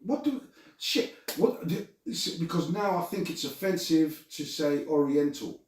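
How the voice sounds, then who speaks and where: A man with a fairly high voice hosts a loose, sweary chat, laughing and stumbling over his words as he tells stories. He sits back from the mic in a very echoey room. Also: lively intonation, unhurried, darkish tone, distant mic, slight background noise. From Britain. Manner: sweary, laughing, stammering storyteller. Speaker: podcast host. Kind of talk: casual group chat.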